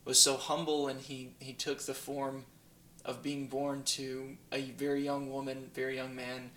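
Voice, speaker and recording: Man, host, reflective, monotone, bright voice, echoey room, faint hiss. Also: mid-range voice, a little slow. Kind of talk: casual faith talk. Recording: roomy with faint background noise.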